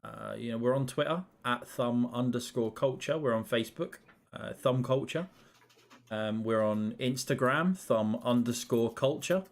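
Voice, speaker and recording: Chatty British host, easygoing. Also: male voice, mid-range voice, unhurried. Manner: easygoing, chatty, lots of ums. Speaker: podcast host. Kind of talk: casual gaming podcast chat.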